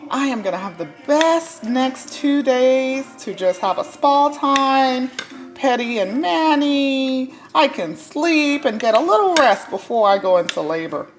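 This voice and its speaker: A woman telling a personal story while she cooks, casual, animated and often laughing. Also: sits high, a little slow. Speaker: dietitian sharing a personal story. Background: cooking clatter, faint music.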